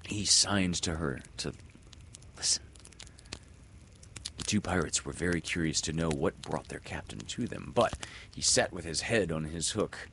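A man reading a children's story aloud in an expressive, dramatic way. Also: a bass voice, gravelly, a little hiss or hum.

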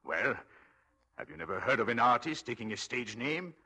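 An actor playing a scheming husband who coaxes and pleads, in 1940s radio acting. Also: male voice, mid-range voice, very animated, normal speed, pushed and bright, breathy edge, exaggerated voice. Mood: smooth. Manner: coaxing, then desperate.

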